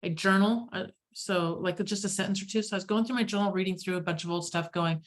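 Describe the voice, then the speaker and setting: A woman hosting a casual group chat, telling stories in an animated, self-deprecating way. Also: mid-range voice, fast.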